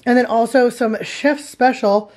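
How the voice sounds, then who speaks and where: A woman's voice: on the high side, fairly even intonation, unhurried, a little mellow, low-quality recording. A woman hosting a casual cooking vlog in a home kitchen, bubbly and giggly. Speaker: vlog host.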